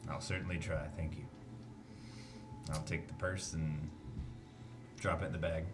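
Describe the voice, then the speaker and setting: A man's voice: very deep voice, flat delivery, unhurried, over music. A man playing in a tabletop game, dry and understated. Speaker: player. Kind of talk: casual tabletop play.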